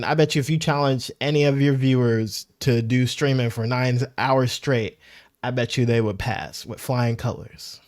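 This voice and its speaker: A man's voice: mid-range voice, moderate pace, dry recording. A man talking casually over a clip he is reacting to, teasing and goofing around with mock voices. His voice sits in a middle register. The sound is dry and close, with no room around it. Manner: animated, mocking voices for imagined streamers. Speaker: reaction streamer.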